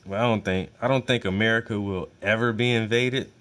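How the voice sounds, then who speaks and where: A man's voice: lowish voice, steady tone, brisk, fairly bright tone. A man hosting a livestream, reacting to a speech in loose, slangy, profane talk that often repeats itself. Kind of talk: casual livestream commentary.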